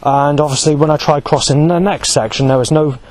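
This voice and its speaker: A man's voice: on the high side, steady tone, fairly quick, darkish tone, low-quality recording. Agitated, foul-mouthed man ranting. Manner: heavily profane, agitated, rambling with many self-corrections. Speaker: vlogger. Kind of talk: angry spoken account.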